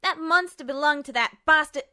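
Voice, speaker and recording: A woman's voice: sits high, moderate pace, bright, forceful tone, pitched above the performer's own voice. A woman voicing a furious young ninja girl who hollers in rage, in an audiobook. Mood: shrieking rage. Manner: shrieking, hollering. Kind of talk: audiobook character voice.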